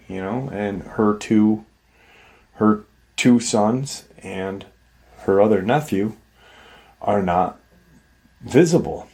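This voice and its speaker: A man with a fairly low voice recounts a family's eerie experience at a slow, easygoing pace. His telling is loose and chatty, full of small fillers and restarts. He sounds like a host walking listeners through the story. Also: gravelly, darkish tone. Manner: loose and conversational, many fillers. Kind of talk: casual storytelling of a retold encounter.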